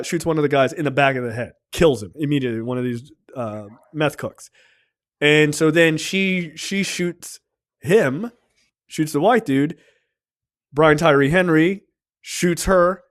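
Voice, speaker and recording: A man co-hosting a podcast, retelling a show's plot in casual, animated chat full of swearing and fillers. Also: on the high side. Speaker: podcast co-host.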